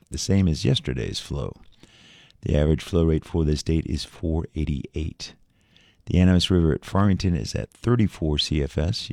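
Local radio host, male, deep and mellow, steady read, dry booth. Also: vocal fry, dry recording. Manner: steady, measured reading. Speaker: local public radio announcer. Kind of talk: read river report and sponsor credits.

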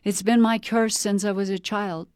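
A woman's voice: medium pitch, steady tone, moderate pace, darkish tone, clear, resonant tone, no room sound, studio quality, voice pushed up, close to an everyday voice. A woman reading aloud and voicing an odd, apologetic female pet psychic with a tired, reedy voice, earnest and hesitant. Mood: rueful. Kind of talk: read-aloud storybook narration.

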